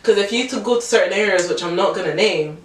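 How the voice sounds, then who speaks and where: A woman's voice: medium pitch, distant mic, a little hiss or hum. A young woman from Edinburgh with a Scottish accent, co-hosting a podcast in casual, joking chat. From Scotland. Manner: animated, joking, quick to laugh. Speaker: podcast co-host. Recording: echoey room, voice a bit off-mic.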